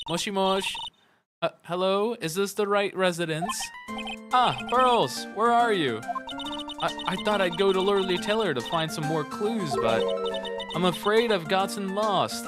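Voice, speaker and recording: A playful player reads a game aloud, giving each character a quick, animated voice and cracking jokes in between. The voice sits at a middle pitch. Clear game music plays behind the talk. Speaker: let's play voice actors.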